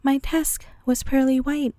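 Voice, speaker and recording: A woman's voice: sits high, level tone, unhurried, warm tone, no echo, clean studio sound. A woman voicing a self-pitying, short-tempered old male rhinoceros in a storybook reading, with a mournful, grumbling manner.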